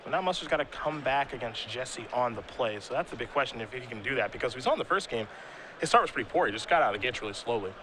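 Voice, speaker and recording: A man's voice: mid-range voice, expressive, fast talker, noisy background. A man calling a card game tournament live as play-by-play commentator, with playful, teasing banter between plays.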